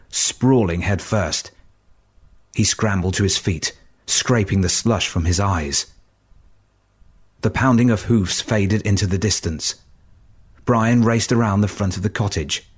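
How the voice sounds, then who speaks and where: A man reading a story aloud as audiobook narration, measured and steady. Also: deep voice, slightly rough.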